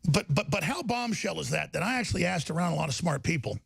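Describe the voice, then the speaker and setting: A man's voice: on the high side, animated, fast, gravelly, husky, dry recording. A man hosting a talk show, delivering heated, emphatic political commentary and repeating words as he gets riled up.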